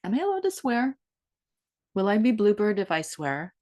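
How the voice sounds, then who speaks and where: A woman's voice: medium pitch, big pitch swings, moderate pace, darkish tone. A woman in her fifties talking in an improvised, rambling monologue, playful and self-mocking as she wanders from one thought to the next. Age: 50s. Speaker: vlogger.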